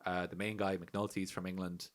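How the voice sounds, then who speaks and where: This is a young Irish man co-hosting a relaxed podcast, his voice sitting on the low side. He tells stories with plenty of swearing and laughter, and bursts into loud put-on voices when he quotes people. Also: fairly quick. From Ireland. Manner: animated, swearing, laughs often, acts out quotes loudly. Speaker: podcast co-host. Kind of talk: casual podcast chat.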